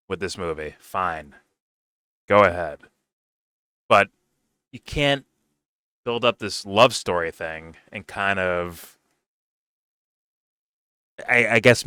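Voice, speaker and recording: A man's voice: lowish voice, sharp tone, clean tone, dry recording, studio quality. A young man casually reviewing a film, rambling and swearing with lots of fillers and laughs. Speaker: movie reviewer.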